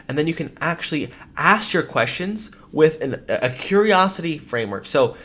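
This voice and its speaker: A man's voice: fairly high pitch, expressive, brisk, few pauses, fairly bright tone. A man teaching life insurance phone sales in a training lesson, emphatic and repeating his key points.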